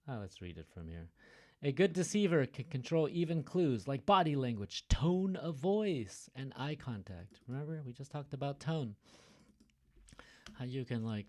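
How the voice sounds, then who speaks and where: A man's voice: medium pitch, a little mellow. A man teaching an online reading lesson, talking casually, stopping often to explain and joke. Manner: chatty, stops to explain and joke.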